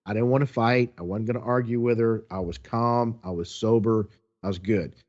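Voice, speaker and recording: A man co-hosting a podcast tells a long story in a casual, animated way. He slips into the voices of the people in it. His voice sits mid-range, and the recording is dull and lo-fi. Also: mid-range voice, normal speed. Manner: animated, acts out quotes. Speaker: podcast co-host.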